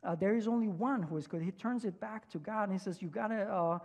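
A male pastor preaching a sermon in a relaxed, conversational way, full of fillers and restarts. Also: high-pitched, fast, slightly rough. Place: church sanctuary. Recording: long church reverb.

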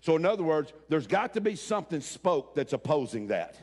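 A man preaching a sermon, talking folksy and direct with the congregation and rising to shouts. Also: fairly high pitch, big pitch swings, brisk. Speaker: pastor.

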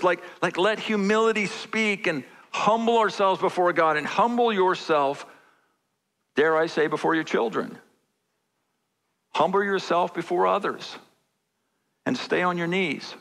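A man's voice: high-pitched, unhurried, gravelly, pauses often, fairly bright tone. A man preaching a sermon as pastor, conversational and repeating phrases for emphasis. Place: large church sanctuary. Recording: church hall reverb.

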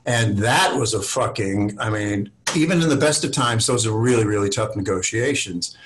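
A man's voice: on the low side, normal speed, a little hiss or hum, low-quality recording. Profane older man telling stories. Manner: swears freely, acts out other people's lines in raised voices. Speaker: actor guest. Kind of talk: casual storytelling interview.

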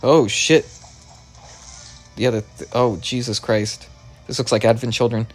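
A man giving excitable let's play commentary, stammering over his words and swearing often, with faint game music behind him. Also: medium pitch, measured pace, long pauses, husky. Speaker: gaming video creator.

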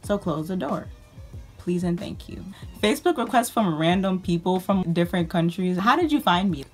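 A woman's voice: on the low side, animated, moderate pace, a little mellow, soft background music. A woman vlogger ranting about her pet peeves in a sarcastic, exasperated way. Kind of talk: ranting casual monologue.

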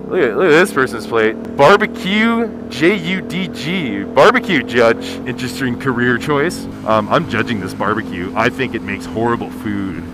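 A man rants and jokes at city traffic from a motorcycle, his pitch swinging all over. He swears freely and jumps between bits. A helmet headset mic picks him up over steady wind and road noise. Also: moderate pace, few pauses. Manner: profane, jokey ranting at traffic. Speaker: motovlogger. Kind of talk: casual riding commentary. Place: riding a motorcycle on city streets.

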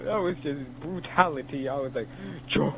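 A man's voice: a little high, normal speed, background noise. A young man gaming with a friend, trading casual, teasing trash talk. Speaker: gamer. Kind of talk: casual gameplay banter.

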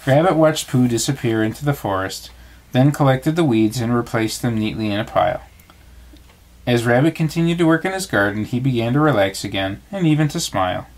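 A father reading a storybook aloud to his child at bedtime, expressive and storytelling. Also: mid-range voice.

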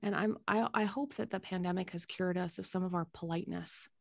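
A woman speaking as a podcast guest in casual conversation, earnest and reflective, with halting restarts. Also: lowish voice, steady tone, vocal fry, no room sound, studio quality.

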